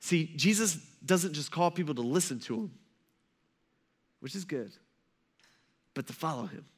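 Chatty, higher-voiced man preaching. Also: expressive, measured pace, husky. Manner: loose, chatty storytelling with frequent "like" and "right?". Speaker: pastor. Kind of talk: casual conversational sermon.

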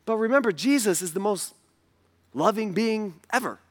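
A man's voice: sits high, expressive, normal speed. A man preaching a sermon in a conversational way, asking the audience questions and building to emphatic passages. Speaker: pastor.

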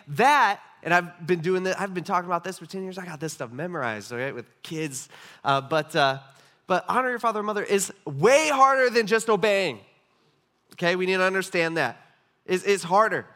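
High, bright-voiced casual preacher man. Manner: casual, conversational preaching with frequent "okay?" check-ins. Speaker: pastor. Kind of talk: sermon.

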